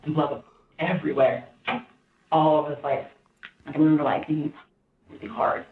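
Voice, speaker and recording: A woman recounting events in a rambling, halting way, often quoting others in a raised voice, heard on distant interview-room audio. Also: sits low, fairly even intonation, roomy sound, phone-quality sound, a little hiss or hum. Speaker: interviewee in police interrogation footage.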